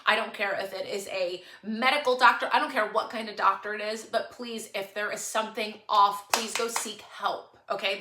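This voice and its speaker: A woman's voice: medium pitch, pushed and bright, echoey room. A woman, close to tears as she talks earnestly to her followers on a livestream, pleading and repeating herself for emphasis. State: tearful, on the verge of crying. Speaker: online shop owner on a livestream. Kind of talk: emotional livestream monologue to followers.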